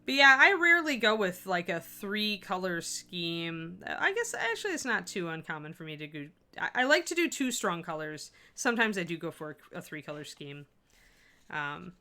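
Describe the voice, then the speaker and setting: Woman chatting on a painting stream, kinda low voice but bright and punchy, lots of ums. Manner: chatty, thinking aloud with frequent fillers. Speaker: miniature painting stream host. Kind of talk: casual live-stream tutorial talk.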